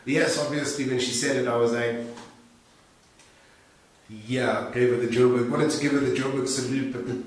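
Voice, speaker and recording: A man's voice: medium pitch, fairly even intonation, normal speed, long pauses. A man, a guest in casual conversation, speaking candidly and laughing easily. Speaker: guest team member. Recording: echoey room, mic at a distance.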